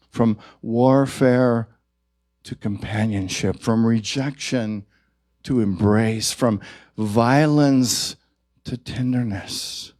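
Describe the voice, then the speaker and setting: A male minister giving a sermon at a church service, gentle and reflective, his voice rising to stress key points. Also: on the low side, no echo, studio quality.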